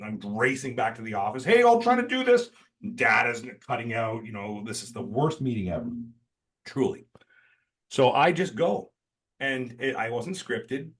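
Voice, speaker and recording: A man's voice: medium pitch, normal speed, a bit bright. A man hosting a podcast, telling a story in an emphatic, blunt, self-deprecating way that includes swearing. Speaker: podcast host. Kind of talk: casual storytelling chat.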